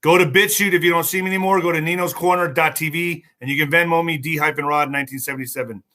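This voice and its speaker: Excitable man ranting on a livestream. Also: on the high side, fast talker. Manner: excitable, mocking, rambling asides. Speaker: livestream host. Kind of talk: rambling political livestream.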